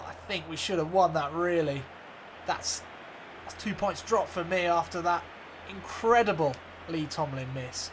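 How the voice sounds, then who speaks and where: A man doing excitable play-by-play commentary over his own football video game, spiking into near-shouts at big chances. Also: on the high side, a little slow, background noise. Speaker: gaming YouTuber.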